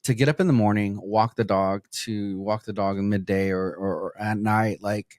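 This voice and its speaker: Easygoing low-voiced podcast co-host. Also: male voice, fairly even intonation, normal speed, a little mellow, dry recording, clean studio sound. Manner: easygoing storyteller, laughs often. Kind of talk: casual chat.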